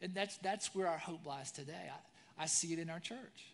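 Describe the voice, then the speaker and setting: High-voiced conversational male pastor. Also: moderate pace. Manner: conversational, frequent "right?" tag questions; swings between raised storytelling and soft reflective tones. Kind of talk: sermon.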